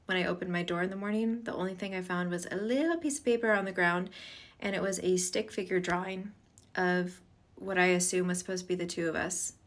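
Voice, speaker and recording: A woman's voice: fairly low pitch, steady tone, fairly quick. A woman telling a creepy personal story to her viewers in a chatty, candid way, acting out what people said. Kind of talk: casual storytime to camera. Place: hotel room at night.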